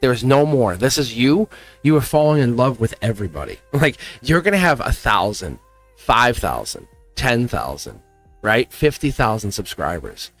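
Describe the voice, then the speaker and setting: A man's voice: mid-range voice, very animated, moderate pace, soft background music. A man hosting a tarot reading livestream, talking in a chatty, encouraging way and laughing often. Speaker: tarot reader and livestream host. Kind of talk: casual livestream chat.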